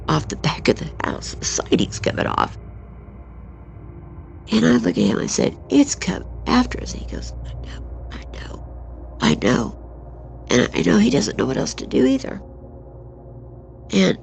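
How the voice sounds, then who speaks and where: A woman in her sixties, a guest on an interview show, retelling a frightening personal experience in an emotional, halting way. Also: a bass voice, vocal fry, a little hiss or hum. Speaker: guest recounting an encounter.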